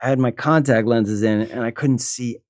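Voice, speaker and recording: A middle-aged man, a guest actor, telling an animated story in casual chat and acting out the voices he quotes. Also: mid-range voice, moderate pace, no echo, clean studio sound. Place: livestream podcast.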